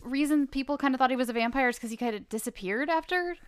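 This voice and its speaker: A woman's voice: high voice, fast talker, clear, resonant tone, no room sound, studio quality. A woman guesting on a podcast in casual chat, friendly and engaged.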